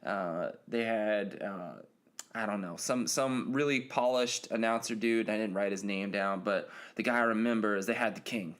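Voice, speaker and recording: A man's voice: lowish voice, normal speed, a bit bright. Rambling male podcast host. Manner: rambling, many fillers and restarts. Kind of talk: casual solo podcast chat.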